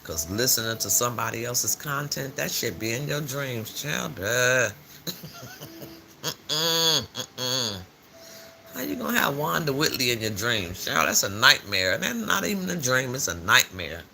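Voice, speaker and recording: An older man chats his way through a morning live stream with loose, slang-filled storytelling. His voice is gravelly and very bright, and his pitch swings widely as he talks. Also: a little slow, slight background noise. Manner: chatty, animated storytelling with frequent laughs and slang.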